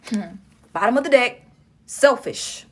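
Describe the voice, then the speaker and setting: A woman's voice: fairly high pitch, lively intonation, moderate pace, fairly bright tone. A woman doing a casual tarot reading, talking straight to her viewers with emphatic repetition. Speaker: tarot reader.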